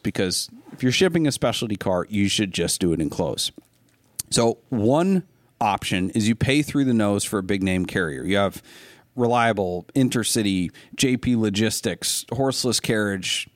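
A man's voice: medium pitch, no echo, studio quality. A man hosting a podcast, telling stories and giving advice in a rambling, casual way. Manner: rambling, many fillers and restarts, storytelling. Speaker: podcast host. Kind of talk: casual chat.

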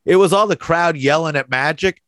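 A man co-hosting a casual chat show, talking excitedly and enthusiastically with lots of fillers. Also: a little high, fairly quick, no echo, studio quality.

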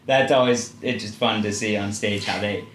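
A man, a father hosting a casual podcast chat, gently asking questions and encouraging his daughter. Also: on the low side, steady tone, normal speed. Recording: roomy echo, faint background hum.

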